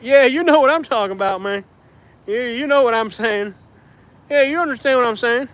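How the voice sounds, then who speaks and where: A man's voice: extremely high pitch, moderate pace, fairly bright tone, voice pushed up. A man putting on a drawling Appalachian hillbilly. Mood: hollering. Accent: Southern US hillbilly, Appalachian. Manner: drawling, hollering, exaggerated put-on. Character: rural Southern man drawling folksy advice.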